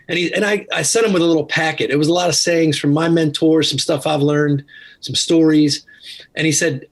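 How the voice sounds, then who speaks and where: A man's voice: a little high, fairly even intonation, brisk. A man who is a podcast guest and author, telling stories in an earnest, rambling way during a casual interview. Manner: earnest, anecdotal, with many restarts.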